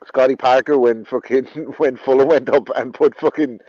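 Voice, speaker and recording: A man's voice: medium pitch, fairly even intonation, normal speed, dark tone, no echo. Sweary man on a dull lo-fi line. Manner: sweary, rambling, laughs mid-sentence. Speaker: podcast co-host. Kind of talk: casual podcast banter.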